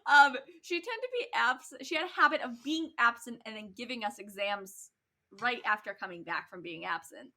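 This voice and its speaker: Young woman, podcast co-host, giggly storyteller, bright and a little high. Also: moderate pace. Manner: giggly, storytelling with frequent ums and swearing. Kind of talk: casual chat.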